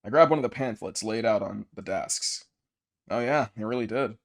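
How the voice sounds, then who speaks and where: A man's voice: lowish voice, moderate pace. Profane jokey male streamer reading game text. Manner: profane, jokey, reads narration aloud. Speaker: streamer playing a visual novel. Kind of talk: casual let's play, reading game text aloud.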